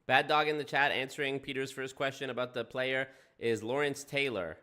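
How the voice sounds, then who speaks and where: A man's voice: medium pitch, fairly even intonation, moderate pace, pushed and bright. A man commenting on a live stream in a mocking, incredulous way. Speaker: streamer reacting.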